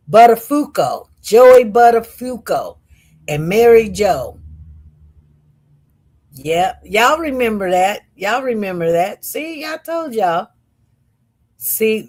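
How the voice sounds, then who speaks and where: A woman hosts a casual livestream and reads viewer comments aloud. She talks slowly and wanders from point to point. Her manner is chatty, and she keeps turning to her audience as y'all. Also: mid-range voice, sing-song, a little mellow. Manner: chatty, slow and meandering, addresses viewers as y'all. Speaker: livestream host.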